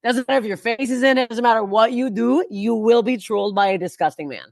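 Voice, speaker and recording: A woman's voice: a little high, quick pace, gravelly, no room sound, studio quality. A woman comedian talking bluntly and profanely in a casual podcast chat, rambling with frequent restarts. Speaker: guest comedian.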